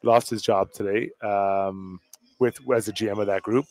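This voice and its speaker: A man's voice: fairly low pitch, fairly even intonation, normal speed, darkish tone. A man co-hosting a sports talk show, giving plainspoken, opinionated hockey analysis. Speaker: co-host.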